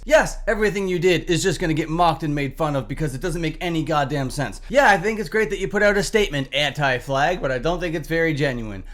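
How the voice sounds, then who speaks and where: A man's voice: fairly high pitch, fairly bright tone. A young man hosting a reaction commentary, talking in a sarcastic, exasperated way, swearing often and laughing in disbelief. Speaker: commentary channel host.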